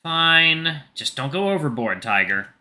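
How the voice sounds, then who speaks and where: A man's voice: fairly high pitch, sing-song, unhurried, pushed and bright, exaggerated voice. A man voicing a kind, earnest young man who gets flustered easily, in a story game.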